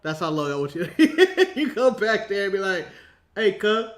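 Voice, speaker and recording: Brief: American male co-host, high voice, laughs a lot, animated storytelling. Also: moderate pace. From United States. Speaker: podcast co-host. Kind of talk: casual chat.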